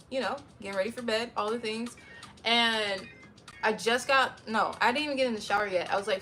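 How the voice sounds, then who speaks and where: Streaming live from home, a woman with a mid-range voice chats casually with her viewers. She tells a story in a lively, profane way.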